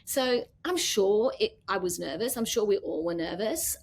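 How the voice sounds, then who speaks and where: Woman, Australian accent, middle-aged, lively storyteller, interview guest. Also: mid-range voice, normal speed, creaky, breathy edge. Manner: animated storyteller, acts out quoted dialogue. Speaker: business founder, guest. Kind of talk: casual interview chat.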